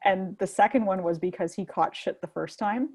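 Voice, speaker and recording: A woman's voice: medium pitch, moderate pace, darkish tone, slightly rough. A Canadian woman co-hosting a casual chat show, reading out viewer comments, swearing freely and laughing often. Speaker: podcast co-host.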